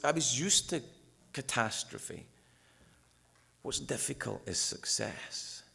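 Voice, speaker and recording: Bright, lively man sharing his story. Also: a little high, vocal fry. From United States. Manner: swears freely, jokes, shifts between loud bursts and quiet asides. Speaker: recovery meeting speaker. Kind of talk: personal recovery talk, profane and candid. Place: meeting hall with audience.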